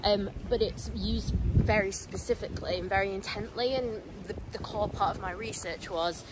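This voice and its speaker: A woman's voice: medium pitch, normal speed, very noisy. A young woman from England, chatting eagerly and rambling with plenty of fillers on a river boat. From northern England. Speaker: friend and travel companion. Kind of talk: casual chat.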